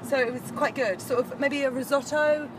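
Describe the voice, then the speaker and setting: A woman's voice: high voice, steady tone, moderate pace, noisy background. A woman co-hosting a casual chat while riding in a car, telling stories in a chatty, giggly way. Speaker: podcast co-host. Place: inside a moving car.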